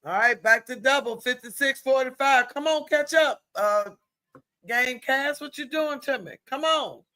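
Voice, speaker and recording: A woman streaming live play-by-play commentary in a chatty, colloquial way, exclaiming loudly at good plays. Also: sits high, unhurried.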